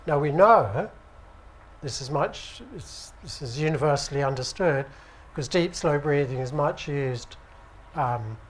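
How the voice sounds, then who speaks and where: British man giving a relaxed talk. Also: on the high side, a little slow, a little hiss or hum. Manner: relaxed, conversational, asks the audience for agreement. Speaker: acupuncture teacher. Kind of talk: conference lecture. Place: conference room with audience. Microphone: handheld microphone.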